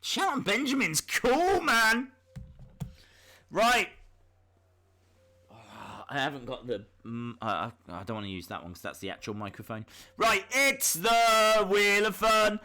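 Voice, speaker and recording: A man hosting a live stream gives chatty reaction commentary with bursts of excitement, muttering to himself while fiddling between remarks. His voice is medium-pitched and a little slow, with long pauses.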